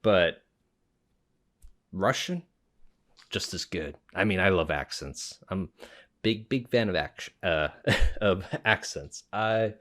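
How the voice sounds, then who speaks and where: A low-voiced man reacts in loose, casual commentary. His pitch swings widely as he gets excited, and he swears freely and keeps laughing. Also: slow, long pauses. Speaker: reaction video host.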